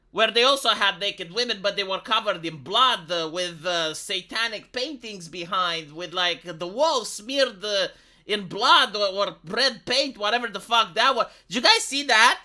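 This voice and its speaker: A man riffing on a livestream with a very bright, sharp tone. He rambles and mocks with dry sarcasm, piling up asides and rhetorical questions. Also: very high-pitched. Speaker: livestream host. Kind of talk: livestream commentary.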